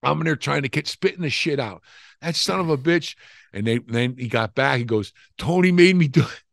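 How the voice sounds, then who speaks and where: A man's voice: mid-range voice, fairly quick, creaky, dry recording, studio quality. An older man telling rambling, profane stories from his wrestling days in a casual interview. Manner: profane, rambling, animated storytelling. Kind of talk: casual storytelling.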